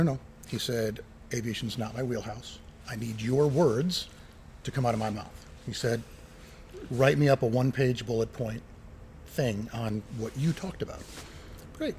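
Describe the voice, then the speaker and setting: This casual interview features a middle-aged retired air traffic controller and pilot, recorded in a former terminal building near a runway. With a mid-range voice, he tells lively stories and acts out what others said.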